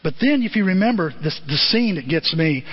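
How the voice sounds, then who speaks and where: Husky, animated male preacher. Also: fairly high pitch, brisk. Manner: animated storyteller, acts out scenes. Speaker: pastor. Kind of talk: sermon. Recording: muffled lo-fi recording.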